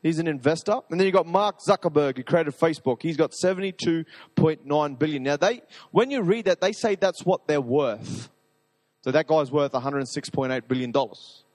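A man preaching a sermon to a live audience, talking in an energetic, rambling, enthusiastic way. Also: a little high, normal speed, in a large hall.

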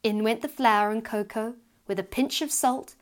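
A woman reads a fairy tale aloud in a gentle, expressive storytelling voice. Her pitch sits slightly high, and she takes an easy, unhurried pace as she reads. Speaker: author and narrator. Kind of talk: storybook reading.

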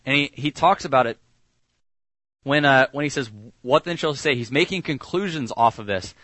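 A man preaching a sermon in a conversational way, often dropping soft and low on key lines. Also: moderate pace, no room sound. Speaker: pastor.

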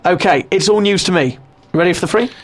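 Quick rambling man. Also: sits high, slightly rough. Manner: rambling, mock-grumpy riffing. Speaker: radio show host. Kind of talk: comic banter on a radio show.

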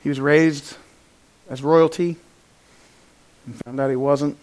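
A man with a high-pitched voice preaching a sermon. He swings from loud, emphatic stretches to hushed, quiet ones and acts out the words he quotes in an animated way. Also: slow. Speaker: pastor.

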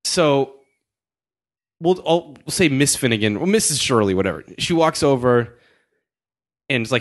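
A man's voice: medium pitch, expressive, a little slow, pauses often. A young man hosting a podcast, telling a story in casual chat, laughing often and acting out the voices of the people in it. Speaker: podcast host.

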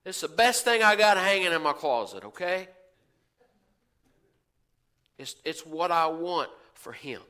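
A man's voice: on the high side, expressive, normal speed, pushed and bright, smooth. A male pastor preaching a sermon in a folksy way, asking the congregation questions and acting out the voices of churchgoers. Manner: acts out quoted voices of churchgoers.

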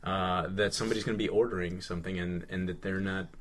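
Low-voiced man chatting, halting and amused. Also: steady tone, fairly bright tone. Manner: hesitant, repeats words, laughs often. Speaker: podcast co-host. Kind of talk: casual chat.

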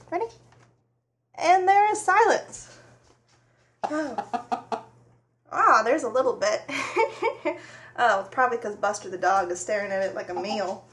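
Slow-talking, chatty woman radio host. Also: a little high, animated, fairly bright tone. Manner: chatty, laughs often, talks to her animals. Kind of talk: casual radio chat. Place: farm home studio with dogs nearby.

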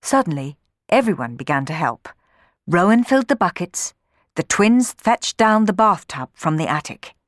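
Woman, storybook reading, low voice, very lively intonation, dry close sound. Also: normal speed, no room sound. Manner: expressive, voicing characters.

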